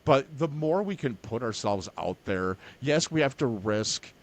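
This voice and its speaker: In this laid-back interview conversation, the male podcast host has a mid-range voice that's expressive and unhurried. His talk is sincere and meandering, full of restarts.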